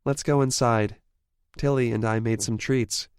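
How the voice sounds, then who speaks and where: A man's voice: mid-range voice, steady tone, a little slow, clear, resonant tone, no echo, studio quality, voice pushed up, natural voice. A man voicing a fiery, worried young woman. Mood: affectionate. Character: adult woman, worried and fiery, swears when angry.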